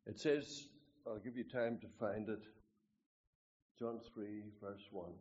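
Northern Irish preacher, joking and folksy. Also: male voice, fairly low pitch, fairly even intonation, slow, pauses often, darkish tone. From Northern Ireland. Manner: folksy and joking, emphatic when reading scripture. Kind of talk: sermon. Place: meeting hall, speaking away from the mic. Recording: roomy, distant, dull hall recording.

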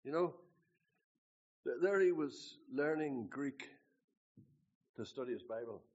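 A man's voice: mid-range voice, animated, slow pace, darkish tone, muffled recording. Older man telling his story. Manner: rambling, repeats words, quotes scripture with emphasis. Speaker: storyteller recalling his conversion. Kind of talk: casual spoken testimony.

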